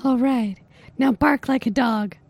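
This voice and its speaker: A woman with a high, soft, mellow voice runs a comedic prank phone call. She is bossy and teasing, with a mock-seductive purr as she gives orders. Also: measured pace. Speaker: prank caller, podcast host.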